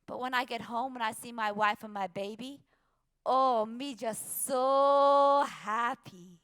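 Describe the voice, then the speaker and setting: A woman's voice: fairly high pitch, slow pace, a bit bright, clear, resonant tone, no echo. A woman voicing a hardworking male trail porter who speaks in broken English. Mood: exasperated.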